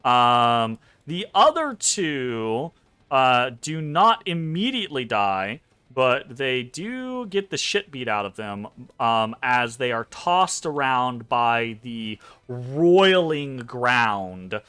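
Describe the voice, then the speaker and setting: Lively, bright-voiced game master. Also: male voice, mid-range voice, takes it slowly, clear, resonant tone. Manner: animated, profane, lots of ums. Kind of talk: narrating a tabletop game.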